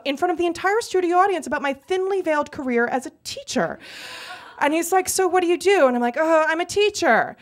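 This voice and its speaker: Animated high-voiced woman telling a story. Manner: animated, comic, acts out quotes. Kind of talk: live storytelling on stage. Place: theater stage before an audience.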